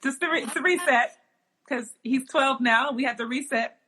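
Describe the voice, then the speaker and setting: A woman's voice: high-pitched, moderate pace, pushed and bright, husky. A woman hosting a live chat show over a video call, upbeat and reassuring in her manner. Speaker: host.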